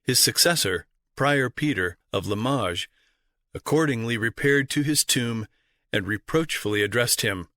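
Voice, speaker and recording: A man reading a history audiobook aloud in a measured, formal narration style. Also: mid-range voice, lively intonation, pushed and bright, dry recording, clean studio sound. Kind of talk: scripted narration.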